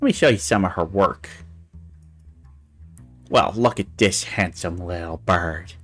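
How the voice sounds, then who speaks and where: A man's voice: sits low, a little slow, fairly bright tone, faint music behind. A man hosting a casual livestream chat show, rambling with fillers and restarts and cooing with delight over pictures. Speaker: talk show host.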